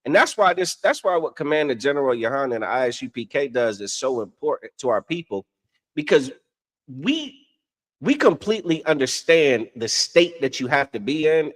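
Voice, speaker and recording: A man preaches in a loose, conversational way. He keeps checking in with his listener and swears offhand, and his voice swings widely in pitch as he builds his points. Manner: animated, repeats "you understand?", swears casually. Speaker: religious podcast co-host. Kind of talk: casual preaching talk.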